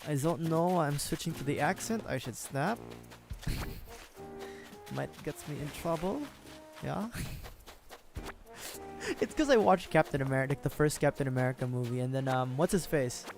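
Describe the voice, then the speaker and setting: A man's voice: fairly high pitch, animated, normal speed, vocal fry, pauses often. A man chatting casually through a gaming livestream, rambling and correcting himself, often chuckling. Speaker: streamer. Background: game music.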